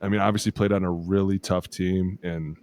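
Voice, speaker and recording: A former lineman co-hosts a football podcast, swearing as he tells stories and acts out quotes. His low voice barely moves in pitch, and he speaks briskly with a slightly mellow quality.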